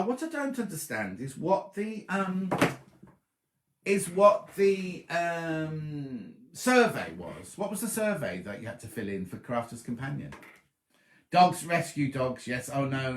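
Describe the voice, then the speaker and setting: A man's voice: a little high, a bit bright, reverberant. A man hosting a casual sewing live stream from his bedroom, rambling chattily and answering viewers by name, a little throaty. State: slightly throaty. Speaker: sewing show host. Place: bedroom at home.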